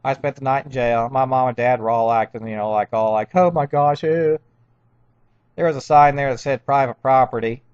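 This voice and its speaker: A man's voice: mid-range voice, a little mellow, clean tone, no room sound, dull audio. A man in his fifties telling a long, agitated, rambling personal story, stumbling and restarting his sentences often.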